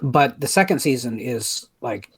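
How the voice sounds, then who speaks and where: A man's voice: mid-range voice, expressive, a little slow, fairly bright tone, husky. A man in a casual commentary chat, talking with enthusiasm and rambling.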